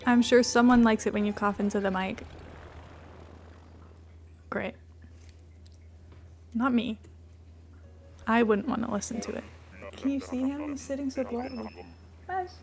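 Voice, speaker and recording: Chatty woman streamer, slightly high voice. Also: steady tone, a little slow, creaky, pauses often, slight background noise. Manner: chatty, rambling, coos at her cat. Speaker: game streamer. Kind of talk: casual livestream chat.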